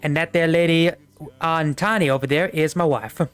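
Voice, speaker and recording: A man's voice: on the high side, moderate pace, smooth, soft background music, natural voice. A man voicing a laid-back legendary male cowboy in a folksy, twangy drawl.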